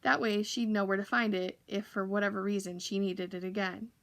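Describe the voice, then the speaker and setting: A woman reading a children's novel aloud for a library, steady with occasional slips. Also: medium pitch, a little fast. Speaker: library reader.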